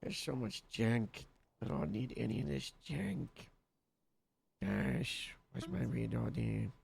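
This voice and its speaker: A man's voice: medium pitch, animated, slow pace, creaky, darkish tone, slight background noise. A man playing a police captain in a roleplay game, chatting casually and bantering with his team. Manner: joking, bantering. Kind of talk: casual in-character roleplay chat.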